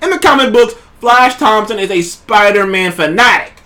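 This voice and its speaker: A man hosting a casual trailer review show, talking in an excited, rambling way and swearing freely. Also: high voice, moderate pace. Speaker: show host.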